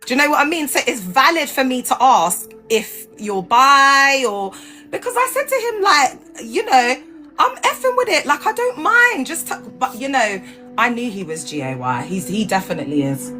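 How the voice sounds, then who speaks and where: A woman chatting casually to viewers on a livestream, animated and laughing, her voice jumping up high when she gets excited. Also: moderate pace, faint music behind. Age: adult with grown children. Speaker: livestream host. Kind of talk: casual chat.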